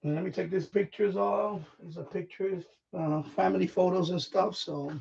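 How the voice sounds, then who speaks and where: Out of breath from tidying his home studio as he moves about, a middle-aged live-stream host rambles with lots of fillers and false starts. His high voice is creaky and a little mellow, with fairly even intonation and normal speed. The lo-fi mic sounds distant and dull, with slight background noise.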